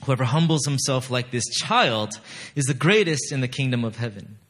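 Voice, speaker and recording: A pastor preaches a conversational sermon, reading scripture aloud with rising emphasis and dropping in "you know" and other fillers often. His mid-range voice is a bit bright, with lively intonation at a normal speed.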